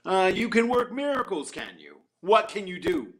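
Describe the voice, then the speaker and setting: A man's voice: fairly high pitch, big pitch swings, normal speed, gravelly, pushed and bright, full character voice. A man doing a curt, doubting synagogue caretaker. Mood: doubtful. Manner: curt, disbelieving.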